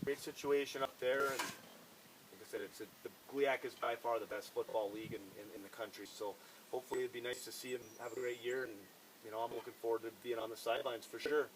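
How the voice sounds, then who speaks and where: A man's voice: medium pitch, fairly even intonation, fast, noisy background. A man co-hosting a casual sports podcast, reading listener questions aloud and giving his takes. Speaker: podcast co-host.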